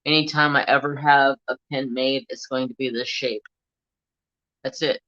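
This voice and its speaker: A man hosting a crafts livestream in casual chat, slow and chatty, a bit teary and sniffly, at home with a fan blowing. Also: medium pitch, fairly even intonation, bright, forceful tone. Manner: slow, chatty, humming to himself. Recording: dull lo-fi stream audio.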